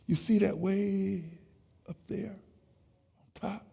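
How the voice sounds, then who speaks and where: A man voicing a humble stonemason who speaks softly and calmly, in an echoey church hall. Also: high voice, slow pace, gravelly, slightly rough, voice pushed up, full character voice.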